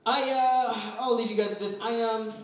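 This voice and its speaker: A man's voice: very high-pitched, normal speed. A man from West Virginia doing a stand-up comedy set, rambling through stories and acting out voices. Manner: rambling, animated storytelling with acted-out voices. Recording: echoey room, voice from far off.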